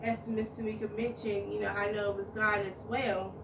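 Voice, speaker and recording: A woman co-hosting a podcast who shares personal advice gently, pausing with fillers. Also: medium pitch, level tone, vocal fry, echoey room, distant mic, background noise. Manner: halting, gentle, many fillers. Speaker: podcast co-host.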